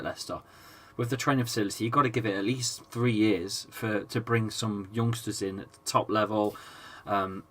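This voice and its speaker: A man's voice: lowish voice, sharp tone, husky. An English man in his thirties, sick and chesty, casually commentating a football match live and reading out viewer chat, swearing now and then. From England. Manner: chatty, swears, reads chat aloud between play calls. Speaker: football fan streamer.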